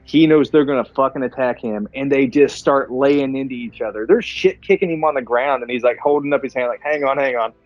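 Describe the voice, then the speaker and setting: A man co-hosting a movie podcast, chatting casually over beer, excitable and swearing a lot as he acts out scenes. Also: medium pitch, fairly quick, few pauses, dry recording, muffled recording, faint music behind. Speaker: podcast co-host.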